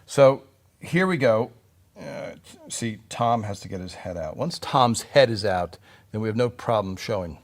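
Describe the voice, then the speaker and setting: A man's voice: fairly low pitch, animated, measured pace. Chatty man hosting a live stream. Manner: rambling, chatty, many fillers and restarts. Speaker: livestream host. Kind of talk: casual live-stream chat.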